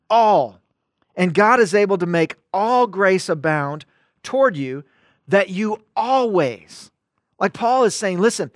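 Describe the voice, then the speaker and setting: A man preaching a streamed sermon, with a voice pitched high for a man. He leans hard on key words, repeats them and calls out to the viewers watching online. The recording is dry and close, with no room sound. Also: a bit bright, dry recording. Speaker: pastor.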